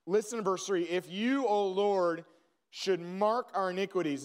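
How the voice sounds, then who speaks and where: A male pastor preaching a sermon, talking casually and then building to emphatic, slowed declarations. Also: high-pitched.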